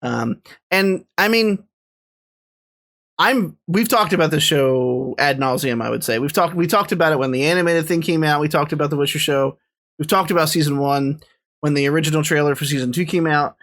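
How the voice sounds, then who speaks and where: A man's voice: fairly high pitch, normal speed, a bit bright. A man co-hosts a casual podcast, his voice sitting a little above the usual male range. He rambles with enthusiasm and restarts often. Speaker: podcast co-host. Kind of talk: casual chat.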